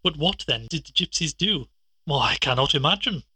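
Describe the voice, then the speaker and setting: Guy reading earnest puzzled sidekick, husky, kinda bright. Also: fairly high pitch, lively intonation, normal speed, no room sound, exaggerated voice. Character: puzzled male doctor companion, earnest.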